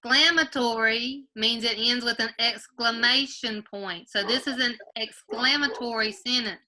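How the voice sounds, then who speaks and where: Brief: woman grade-school teacher on a video call from home, very bright, slightly high voice, patient, repeats questions. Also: unhurried, slight background noise. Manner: patient, quizzes pupils by name, repeats questions. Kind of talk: online class teaching.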